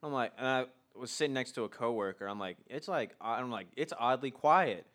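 Man, casual chat, bright sharp tone, wry, swears casually. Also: medium pitch, expressive, brisk. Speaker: podcast co-host.

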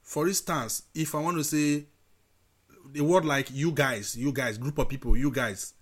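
A man's voice: on the high side, moderate pace. A man with a Nigerian accent, hosting a casual chat and mixing English with Pidgin, with many fillers and restarts. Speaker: host.

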